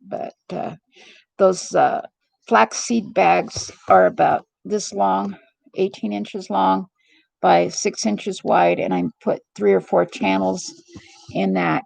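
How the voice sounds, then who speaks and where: A woman's voice: mid-range voice, fairly even intonation, slow, vocal fry, a little mellow, no room sound, rough recording. A middle-aged woman hosting a live stream vlog, talking in a rambling, earnest and heartfelt way. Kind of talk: casual confiding monologue.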